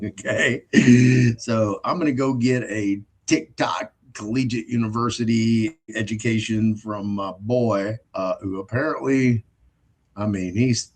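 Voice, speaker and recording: A man with a husky, mid-range voice hosts his own show in a loose monologue. He sounds blunt and scornful, swears freely and breaks into short laughs between phrases. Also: medium pitch, a little slow. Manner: laughs between phrases while telling stories. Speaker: show host. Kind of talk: casual ranting monologue.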